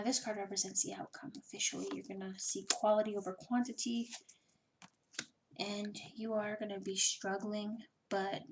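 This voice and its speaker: A woman's voice: medium pitch, noisy background. A woman giving a casual personal tarot reading, chatty and swearing freely, with lots of "you know" fillers. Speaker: tarot reader.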